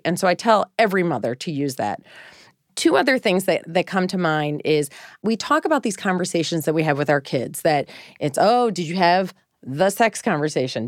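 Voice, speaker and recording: A middle-aged woman with a slightly low voice talks casually as a podcast co-host. She tells stories with energy and acts out the people she quotes. The sound is dry and close. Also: no echo. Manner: animated storytelling, acts out quotes. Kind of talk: casual chat.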